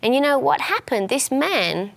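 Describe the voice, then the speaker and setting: A woman's voice: sits high, very animated, moderate pace, vocal fry, a bit bright. Woman teaching scripture in earnest. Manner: earnest, explanatory, many small restarts. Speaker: minister and co-host. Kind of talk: Bible teaching in conversation.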